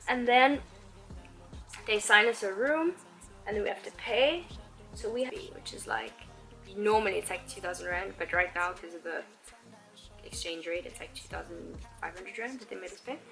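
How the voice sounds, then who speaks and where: Animated woman telling a story. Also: medium pitch, gravelly, rough recording. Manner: animated storyteller, heavy use of "like". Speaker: vlogger. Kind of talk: get-ready-with-me storytime. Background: background music.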